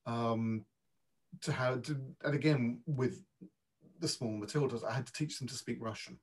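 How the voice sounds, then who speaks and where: A man with a middling voice, neither high nor low, speaks as a dialect coach in a relaxed interview. He is reflective and stops often to search for his words. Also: normal speed, slightly rough. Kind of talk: casual interview answer.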